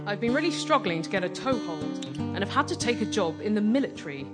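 A woman doing deadpan comic storytelling on stage at a live show. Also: medium pitch, fast talker. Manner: deadpan, dry comic delivery. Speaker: comedy performer. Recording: live performance with loud guitar. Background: guitar music.

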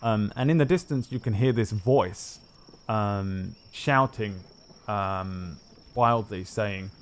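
A man narrating as game master in a tabletop game, relaxed and rambling with many fillers. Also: lowish voice, slow, noisy background.

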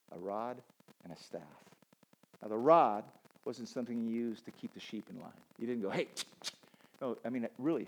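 A man preaching a sermon, animated and joking, often repeating words as he stumbles. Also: medium pitch, a little hiss or hum, low-quality recording. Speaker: pastor.

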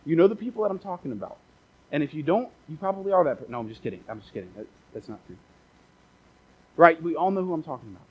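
A man's voice: fairly high pitch, lively intonation, fast, breathy edge, highs cut off. A man preaching a casual, conversational sermon as a pastor, repeating phrases for emphasis and dropping joking asides.

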